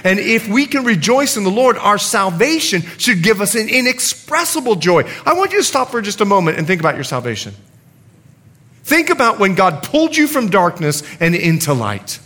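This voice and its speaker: A man's voice: high voice, very animated, normal speed, pushed and bright. A man preaching a sermon to his congregation, reading scripture and acting out the speakers in his stories. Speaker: pastor.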